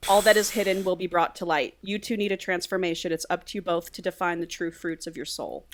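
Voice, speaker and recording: A woman voicing a mysterious old woman who speaks in quiet, measured, ominous lines. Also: on the low side, fairly even intonation, natural voice.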